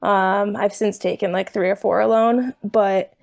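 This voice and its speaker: A young woman, a podcast guest, telling a story in an animated, laughing way. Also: mid-range voice, a little slow, vocal fry. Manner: animated, laughing, quotes others. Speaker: guest, thru-hiker. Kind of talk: casual storytelling.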